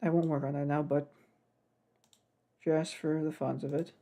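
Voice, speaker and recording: A man's voice: fairly high pitch, level tone, normal speed, dark tone. A young man casually narrating his game development work, rambling and getting sidetracked. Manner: rambling, self-deprecating, gets sidetracked. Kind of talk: casual devlog commentary.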